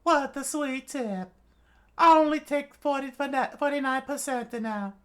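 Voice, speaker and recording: A man putting on a crafty old witch of a doctor for a storybook read-aloud: a thin, high, creaky old voice that barks orders and haggles without shame. The pitch sits far above a low male voice, and the timbre is pinched and changed. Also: a little slow. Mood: smug. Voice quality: high, strained old-woman voice. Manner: bossy and haggling. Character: shrewd, sharp-tongued old woman doctor.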